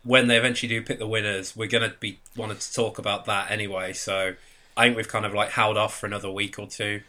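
A man's voice: lowish voice, little pitch movement, fast, sharp tone. A man hosting a podcast, chatting in a rambling, talkative way and laughing easily. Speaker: podcast host. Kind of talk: casual chat.

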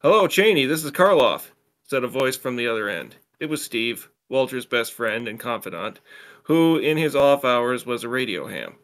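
A man reading a story aloud, plain and steady, now and then stumbling and restarting a phrase. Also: medium pitch, normal speed. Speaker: story reader.

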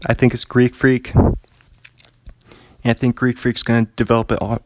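A man's voice: mid-range voice, monotone, moderate pace, slight background noise. A man hosting a casual solo podcast from his apartment, rambling in a laid-back way with lots of fillers. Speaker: podcast host. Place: home apartment.

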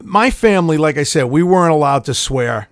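A man's voice: fairly high pitch, expressive, brisk, no room sound. A middle-aged man telling swear-filled family stories in a casual podcast chat, acting out quotes. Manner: profane, storytelling with acted-out quotes. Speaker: podcast co-host.

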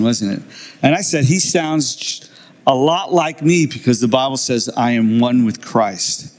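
A man's voice: medium pitch, lively intonation, moderate pace. An older man, a preacher, giving a sermon in a church, telling a personal story and acting out the other people's lines with laughter. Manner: storytelling, acts out quoted voices with laughs.

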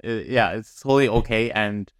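A man's voice: fairly low pitch, normal speed, smooth, no room sound, clean studio sound. A man co-hosting a casual podcast, supportive, with hesitant starts. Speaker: podcast co-host. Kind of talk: casual chat.

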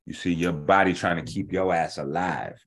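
Man, very low voice, blunt profane rant, casual commentary, explains step by step. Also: fairly even intonation, normal speed, a bit bright. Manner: blunt and profane, lecturing emphatically. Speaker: host of a natural health show.

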